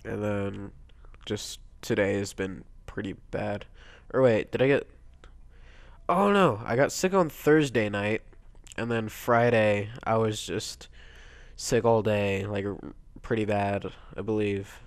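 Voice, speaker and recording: A teenage boy with a stuffy nose from a cold, quietly rambling through casual gameplay commentary, breaking into excited yelps now and then. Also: lowish voice, unhurried, no echo. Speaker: let's play gamer.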